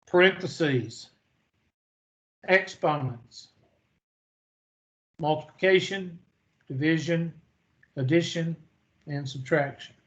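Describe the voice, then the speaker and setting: A male math instructor with a slightly higher-than-usual voice. He lectures in a folksy, storytelling way, asking questions and answering them himself. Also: slow pace, long pauses, a bit bright, highs cut off.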